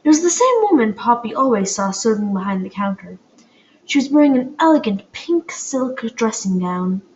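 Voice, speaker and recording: A woman's voice: on the high side, very animated, normal speed. Hesitant woman reading aloud at home. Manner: hesitant, with fillers and slips. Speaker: audiobook reader. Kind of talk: amateur audiobook narration. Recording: dull lo-fi home recording, faint hiss.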